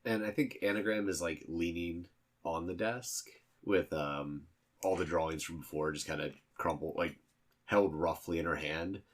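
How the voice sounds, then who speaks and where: Deep-voiced man narrating a game. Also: moderate pace. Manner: casual, hesitant, many fillers. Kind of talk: actual-play tabletop game narration.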